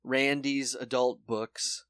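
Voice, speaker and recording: Brief: young male co-host, chatty storyteller, mid-pitch, dead-dry studio mic. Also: takes it slowly, clean tone, no room sound. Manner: animated storyteller acting out quotes. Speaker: podcast co-host. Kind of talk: casual chat, retelling a true crime show.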